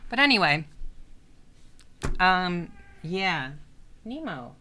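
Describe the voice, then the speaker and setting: A woman's voice: low voice, a little slow, slight background noise. A woman hosting a casual livestream, chatting in a rambling, hesitant way with many restarts. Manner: coos softly when talking to her cat. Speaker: livestream host.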